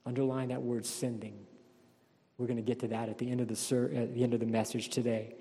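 A man's voice: medium pitch, little pitch movement, fast, creaky, mellow. Emphatic preaching man in a reverberant hall. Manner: emphatic preaching, asks the congregation questions. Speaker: pastor. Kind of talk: sermon.

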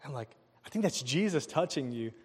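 A man preaching a sermon, telling a personal story with animated delivery, asking the crowd questions and chuckling often. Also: medium pitch, fairly quick, slightly rough. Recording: long hall reverb.

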